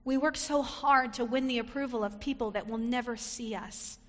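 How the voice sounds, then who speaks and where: A woman's voice: a little high, steady tone, normal speed. A woman preacher giving a reflective sermon, sometimes acting out short quoted lines. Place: church sanctuary. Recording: long reverb of a sanctuary.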